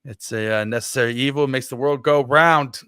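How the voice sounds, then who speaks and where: A man's voice: mid-range voice, a little fast, pushed and bright, clean tone, no echo, studio quality. A man co-hosting a podcast in casual chat, joking around with playful exaggeration. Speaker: podcast co-host.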